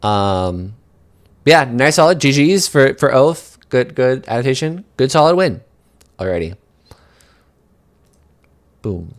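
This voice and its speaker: A man from New England chats loosely through a game as co-commentator, stumbling over and repeating his words. His voice sits at an ordinary middle pitch, and he climbs into excited yelps when a play goes wrong. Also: takes it slowly, pauses often. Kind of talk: casual gaming commentary.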